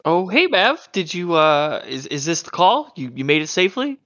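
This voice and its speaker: A man's voice: fairly high pitch, sing-song, normal speed, fairly bright tone, voice pushed up. A man voicing a bubbly, optimistic woman of about thirty who talks eagerly and stumbles over his words. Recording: muffled lo-fi audio.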